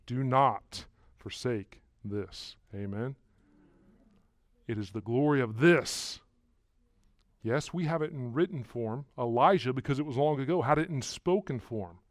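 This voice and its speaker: A man preaching a sermon to a congregation, walking through verses and rising loudly on key words, often repeating himself. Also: mid-range voice, no room sound, clean studio sound. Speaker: pastor.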